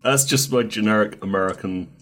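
A man tossing off quick joking asides in casual chat with friends. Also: fairly low pitch, a bit bright. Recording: faint background noise.

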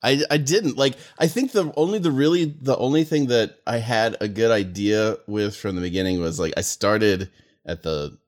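A man, the storyteller of a tabletop podcast, talking in a relaxed, rambling way, with many fillers. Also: fairly low pitch, normal speed. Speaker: storyteller and game master of a podcast. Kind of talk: casual podcast chat.

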